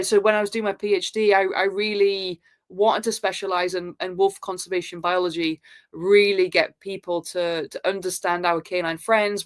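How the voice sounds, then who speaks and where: Earnest woman telling her story. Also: medium pitch. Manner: earnest, spiritual, halting with frequent fillers. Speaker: podcast guest. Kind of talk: reflective personal storytelling.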